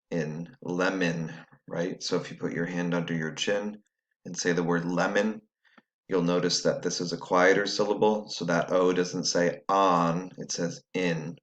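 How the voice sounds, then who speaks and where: Man, very deep voice, patient teacher, step-by-step phonics lesson, recorded for students at home.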